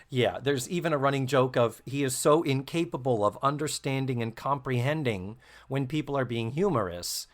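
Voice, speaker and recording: A man hosting a podcast, recapping a sitcom episode in casual, animated and profane chat. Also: moderate pace. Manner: animated, profane, breaks into squeaky mock voices. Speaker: podcast host.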